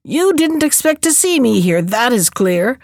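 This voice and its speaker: A woman doing a loud, bossy giantess. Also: a little high, big pitch swings, measured pace, no echo, studio quality. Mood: gloating. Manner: loud, commanding, mock-sweet.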